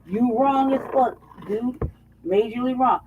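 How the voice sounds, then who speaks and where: A woman's voice: on the high side, unhurried, slight background noise. A woman talking heatedly and profanely in a casual political chat, often mocking others in put-on voices. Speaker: co-host. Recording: dull lo-fi audio.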